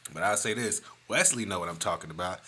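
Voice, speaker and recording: Animated, profane man ranting on a podcast. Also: mid-range voice, very noisy. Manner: animated, profane, riffing and joking. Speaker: podcast host. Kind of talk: casual solo podcast rant.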